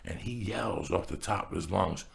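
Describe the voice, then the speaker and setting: A man's voice: low-pitched, moderate pace. A middle-aged man telling street stories in casual podcast chat, acting out the voices of people in them. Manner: gravelly, animated street storyteller acting out voices. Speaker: podcast host. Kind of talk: casual storytelling.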